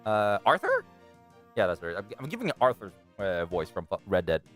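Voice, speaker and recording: Male streamer, lively pitch, swears, rambles, game music under. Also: normal speed. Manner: animated, profane, rambling. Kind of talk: casual let's-play commentary.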